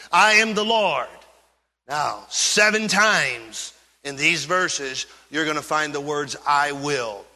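Bright-voiced preacher in a big hall. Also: male voice, fairly high pitch. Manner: preaching with swings from loud emphasis to hushed earnest tones. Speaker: pastor. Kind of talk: sermon.

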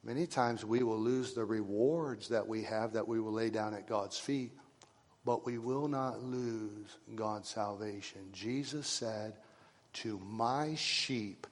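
A man preaching a sermon to his congregation, swinging from loud rising calls to hushed, whispered lines. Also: on the low side, slow pace. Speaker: pastor. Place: church sanctuary. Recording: long reverb of a church hall.

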